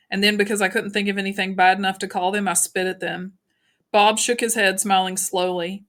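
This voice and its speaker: A woman reading a novel aloud in an even, unhurried narration with small slips. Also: medium pitch. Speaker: audiobook narrator.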